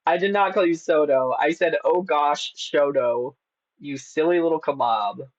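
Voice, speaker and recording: A man's voice: a little high, expressive, normal speed, no room sound. Teasing, giggly streamer man. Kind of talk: casual live-stream chat. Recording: slightly dull lo-fi sound.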